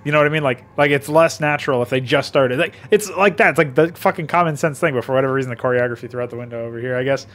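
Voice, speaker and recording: A man's voice: mid-range voice, racing, hardly any pauses, a bit bright. A young man casually commenting on his own game campaign, self-mocking, swearing a lot and laughing often.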